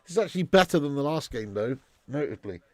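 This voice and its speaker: A man's voice: mid-range voice, very animated, fast, a little mellow. A man hosting a live football watch-along, talking in sweary, laddish banter and laughing often as he commentates and chats with viewers. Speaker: live stream host.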